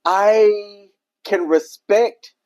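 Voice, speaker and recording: A woman's voice: medium pitch, darkish tone, no echo. A woman co-hosting a casual podcast chat, playful and teasing with her partner. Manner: playful, teasing, quick reactions. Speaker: podcast co-host.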